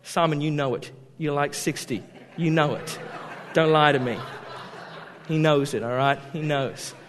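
High-voiced guy preaching a sermon, gets loud then goes quiet, big echoey church hall. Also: unhurried, slight background noise. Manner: animated, swings between loud emphasis and quiet asides. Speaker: pastor.

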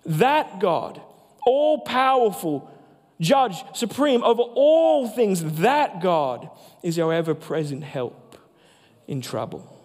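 A man, a pastor, preaching a sermon with emphatic delivery that slows down for key phrases. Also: high voice, very animated, darkish tone. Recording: long hall reverb.

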